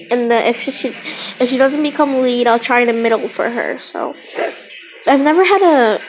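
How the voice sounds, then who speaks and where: A gaming YouTuber with a high voice comments casually over her gameplay, chatty and rambling, giggling between remarks. The audio is poor, with steady background noise.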